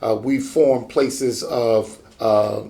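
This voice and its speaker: A man's voice: mid-range voice, steady tone, very slow, creaky, mellow. A man, a pastor hosting an interview show, talking in a conversational way with enthusiastic, preacher-like affirmations.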